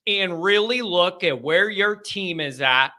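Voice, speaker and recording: Bright, high-voiced man hosting a fan show. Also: lively intonation, measured pace. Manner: rambling, conversational, filler-heavy. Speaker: host of a fan call-in show. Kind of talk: casual live chat.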